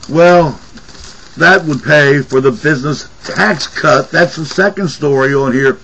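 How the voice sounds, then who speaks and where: Slow husky-voiced man ranting angrily. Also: mid-range voice, rough recording. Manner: sarcastic and profane. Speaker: political commentary vlogger. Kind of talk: angry political rant.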